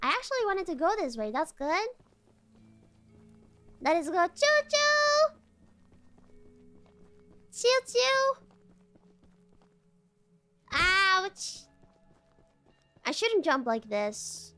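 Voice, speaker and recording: A woman streaming a game, with excitable, playful commentary, humming and repeating words in sing-song. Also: very high-pitched, takes it slowly, pauses often, no echo, faint music behind. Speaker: VTuber streamer. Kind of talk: casual gameplay commentary.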